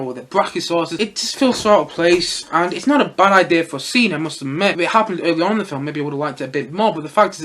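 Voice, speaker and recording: Fast-talking young male film reviewer. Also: sits high, a bit bright. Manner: chatty, rambling, lots of fillers and little laughs. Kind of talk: casual solo film review.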